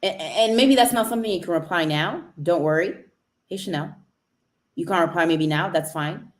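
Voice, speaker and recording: A woman from Cambridge, England chatting on a motivational live stream and greeting viewers by name as she talks. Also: mid-range voice.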